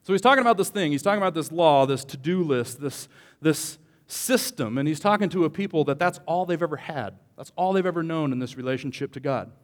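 A man preaching a sermon as a pastor, joking with the congregation and swinging between quiet asides and loud emphatic lines. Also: fairly high pitch, expressive, fairly quick, few pauses, long reverb tail. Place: church hall.

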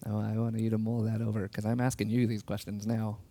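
Male preacher, gravelly low-toned voice, earnest and personal; lingers on key words. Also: level tone. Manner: earnest, personal storytelling with soft laughs; slows down to stress key words. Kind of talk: sermon.

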